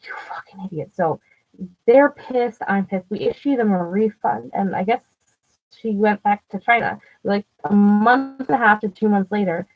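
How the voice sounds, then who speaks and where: A woman's voice: medium pitch, measured pace. Rambling woman telling work stories. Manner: rambling, full of "like" and restarts, swears freely. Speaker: vlogger. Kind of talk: casual storytelling. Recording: dull lo-fi recording with faint music.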